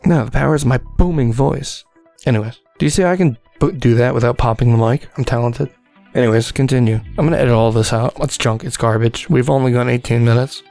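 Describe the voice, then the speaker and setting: A man's voice: medium pitch, steady tone, brisk, vocal fry, darkish tone, no echo, faint music behind. A man hosting a podcast in casual joking chat, goofy, bossy and mock-grandiose. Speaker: podcast host. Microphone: dynamic mic.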